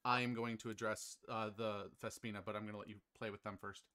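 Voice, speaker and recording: A man's voice: lowish voice, level tone, quick pace, bright, forceful tone. A man playing in a tabletop game, laying out his plan in a decisive way. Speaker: player.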